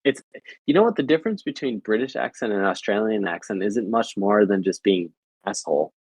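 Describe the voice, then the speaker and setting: A man's voice: fairly low pitch, animated, brisk, slightly rough, dry recording, low-quality recording. A young adult American man chatting casually with viewers, rambling and repeating filler phrases. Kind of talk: casual chat.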